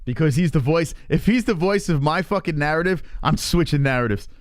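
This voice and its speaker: A man's voice: a little high, animated, brisk, no echo, clean studio sound. A man hosting a live stream and ranting casually, heated and full of profanity.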